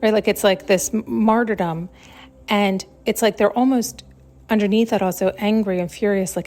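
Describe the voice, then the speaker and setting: A woman's voice: mid-range voice, steady tone, normal speed, a little mellow, soft background music. A woman hosting a solo spiritual podcast, talking in a searching, emphatic way and now and then acting out the voices she quotes. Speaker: podcast host.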